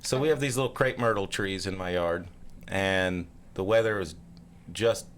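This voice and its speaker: A man in his thirties telling a story in casual podcast chat, acting out other voices along the way. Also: normal speed. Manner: animated storyteller, acts out voices with big pitch jumps. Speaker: podcast co-host.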